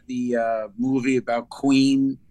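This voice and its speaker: A man's voice: medium pitch, flat delivery, slow pace, dark tone, a little hiss or hum. A man co-hosting a podcast in casual chat, making wisecracks. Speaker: podcast co-host.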